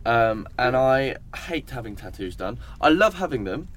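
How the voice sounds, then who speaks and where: Young guy chatting as a guest, lots of ums and restarts, relaxed and casual. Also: medium pitch, normal speed, a little hiss or hum. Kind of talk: casual chat.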